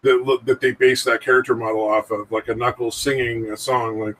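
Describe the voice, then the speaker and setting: Husky, profane man chatting casually. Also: mid-range voice, flat delivery, brisk, fairly bright tone, recorded from a distance, rough recording. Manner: profane, rambling, laughs often. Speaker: podcast co-host. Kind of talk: casual chat.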